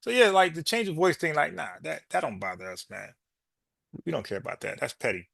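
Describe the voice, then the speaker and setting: A man's voice: on the high side, sing-song, a little fast, gravelly, fairly bright tone, no echo, clean studio sound. A man hosting a podcast, arguing with a caller, repeating his points and calling him bro. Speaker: podcast host. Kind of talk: heated call-in debate.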